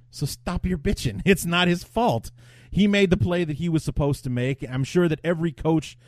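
A man's voice: a little high, mellow, no echo, clean studio sound. A man hosting a podcast, thinking aloud and giving blunt, opinionated takes. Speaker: podcast host. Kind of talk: casual podcast chat.

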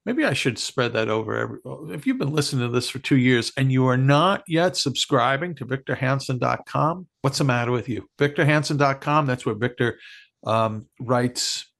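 Man, podcast cohost, gravelly, halting, casual chat. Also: medium pitch, lively intonation, fairly bright tone. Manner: halting, filler-heavy.

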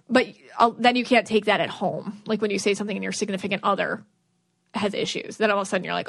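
A woman's voice: mid-range voice, fairly even intonation, fast, vocal fry, a bit bright, no room sound. A woman hosting a podcast, giving spiritual advice in an earnest, rambling way that restarts sentences. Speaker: podcast host, aura reader.

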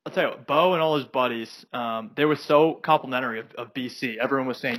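A man's voice: mid-range voice, quick pace, fairly bright tone, dry recording, poor audio. A man from South Carolina co-hosting a casual sports podcast, telling rambling stories with many "you know"s and restarts. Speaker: podcast co-host.

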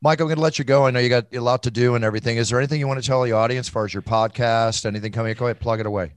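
A man hosting a podcast interview, encouraging and quick to laugh. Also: mid-range voice, steady tone, dry recording. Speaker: podcast host. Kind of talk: casual interview chat.

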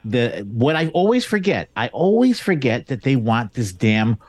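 A man's voice: medium pitch, big pitch swings, moderate pace, a little mellow, no room sound. A man chatting casually on a talk show panel, rambling in an exasperated way. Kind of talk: casual political chat.

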